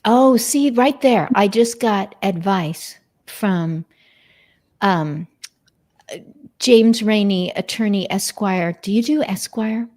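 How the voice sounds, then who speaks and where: A woman's voice: mid-range voice, takes it slowly, a little mellow. A woman hosting a live-streamed interview, rambling and searching for words, with many ums and restarts. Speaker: host.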